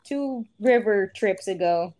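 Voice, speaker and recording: A woman's voice: medium pitch, expressive, slow, warm tone. A woman co-hosting a podcast in casual chat, telling a story and acting out the quotes. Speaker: podcast co-host.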